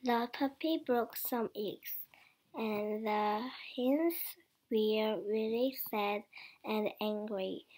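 A woman who is learning English reads her short story aloud, carefully and haltingly, word by word, with some words half-whispered. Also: fairly high pitch, a little mellow. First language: not English.

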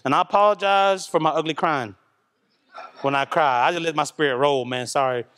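This man's voice is a little high, fairly bright, clear and resonant, and he talks briskly. At a church service, he shares a personal spiritual experience as an emotional testimony to the congregation. He's earnest and conversational, frequently repeating himself and adding "man."

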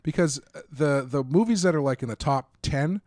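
A man hosting a podcast in casual chat, talking in a relaxed, rambling way full of restarts and fillers. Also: on the high side, moderate pace, no echo, studio quality. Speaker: podcast host.

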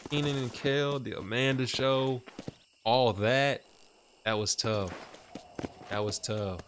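A man's voice: medium pitch, fairly even intonation, slow, a little hiss or hum. A young man livestreaming a game, chatting casually with his audience in a slangy, profane, rambling way. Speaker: gaming livestreamer. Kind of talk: casual chat to a stream audience while playing. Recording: loud game sounds over the voice. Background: horse hooves and outdoor game ambience.

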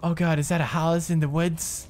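A young man in his twenties giving jokey, swear-filled let's play commentary on a horror game, dropping to low mutters and jumping to frightened yelps. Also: flat delivery, normal speed. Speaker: gaming commentator.

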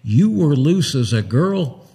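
A man's voice: a little high, big pitch swings, slow pace, creaky, warm tone, slightly rough, full character voice. A man doing a stern self-righteous reformer. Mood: defensive. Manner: cold, scolding, unyielding.

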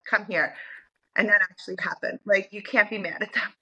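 Chatty woman, bright voice, filler-heavy. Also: mid-range voice, steady tone, quick pace, husky, dull audio. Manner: chatty, many "like" and "you know" fillers. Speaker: interview guest, dog owner. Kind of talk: casual interview chat.

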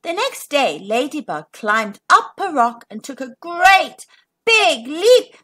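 A woman hosting a children's storytime, reading a picture book aloud with animated, sing-song delivery to kids. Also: high-pitched, takes it slowly.

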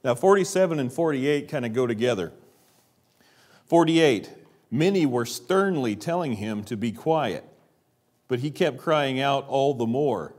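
A man preaching a church sermon, asking rhetorical questions and dropping his voice low for quiet emphasis. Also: lively intonation, a little slow. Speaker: pastor. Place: church sanctuary.

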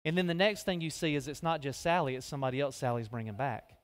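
Folksy high-voiced preacher. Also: male voice, fast. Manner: folksy, animated, directing people onstage. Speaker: guest preacher. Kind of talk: sermon with live skit. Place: large church hall. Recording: long reverb of a big hall.

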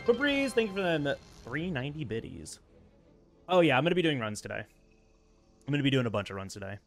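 A man's voice: mid-range voice, very animated, fast, a bit bright, faint music behind. A man streaming a speedrun live, commenting on his gameplay and venting in frustrated rants. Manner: frustrated ranting, venting at the game.

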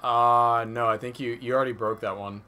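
A man's voice: medium pitch, steady tone, moderate pace, sharp tone. A man co-hosting a let's play, giving easygoing, jokey gameplay commentary.

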